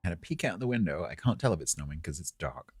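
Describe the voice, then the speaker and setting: A game streamer talks with a deep, slightly husky voice, relaxed and rambling as he chats to his viewers. The sound is close and dry, with almost no room around it. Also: quick pace, dry recording. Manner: relaxed, rambling, chuckling asides to chat. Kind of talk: casual live-stream chat while gaming.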